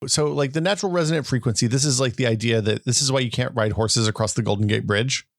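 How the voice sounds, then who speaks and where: A man's voice: mid-range voice, quick pace, vocal fry, dry recording, studio quality. A man co-hosting a tech podcast, chatting casually and explaining things with jokes and tangents. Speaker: podcast co-host. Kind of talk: casual chat.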